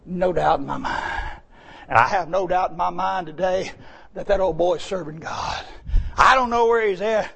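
Male preacher, husky and high-pitched, folksy sermon storyteller who swings between whispers and shouts. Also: moderate pace.

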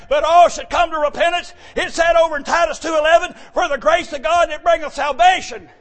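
Real high-pitched guy preaching in church, hollers and whoops then goes quiet, fired up revival style. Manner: fervent, whooping, drops to murmurs then shouts. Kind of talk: shouted revival sermon.

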